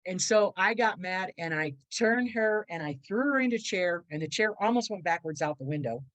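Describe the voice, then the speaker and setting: A woman's voice: fairly low pitch, expressive, fairly quick, a bit bright, dry recording, poor audio. A middle-aged woman, a podcast guest and motivational speaker, telling a personal story in a rambling, earnest way and acting out the voices of people in it.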